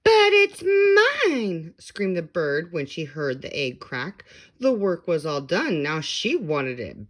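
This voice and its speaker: A woman's voice: sits low, very animated, measured pace. A woman reading a storybook aloud like a parent at bedtime, telling it expressively and dramatically.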